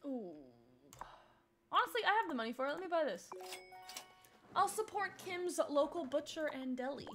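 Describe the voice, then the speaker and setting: High, lively, giggly woman streamer. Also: moderate pace, long pauses, faint music behind. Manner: giggly, chatty, reacts aloud to characters. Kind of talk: casual gameplay commentary.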